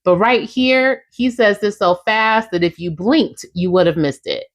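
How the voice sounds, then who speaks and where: Recapping a reality show for her casual podcast, a young adult woman is chatty and sassy, talks straight to her listeners, and acts out quotes. Her voice is mid-range and her pace unhurried.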